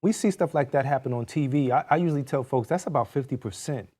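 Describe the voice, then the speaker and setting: A man co-hosting a discussion, cutting in with animated comments. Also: medium pitch, fast.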